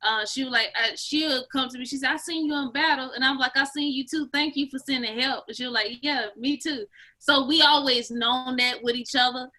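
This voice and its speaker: A woman's voice: sits high, steady tone, brisk, sharp tone. A woman guest talking in a casual, slangy, earnest way about her twin. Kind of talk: casual chat.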